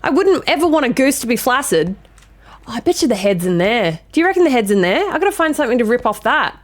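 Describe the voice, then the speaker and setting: A woman streaming a game live, chatting casually with her viewers, giggly and quick to swear and apologize. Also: fairly high pitch, lively intonation. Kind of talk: casual live-stream chat while gaming.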